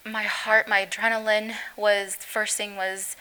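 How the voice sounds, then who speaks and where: A middle-aged woman, the mother of an injured teenager, recounting the accident in an interview, halting and breaking up as she speaks. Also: mid-range voice, completely flat delivery, pushed and bright, clean tone, poor audio. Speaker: guest, mother of injured teen.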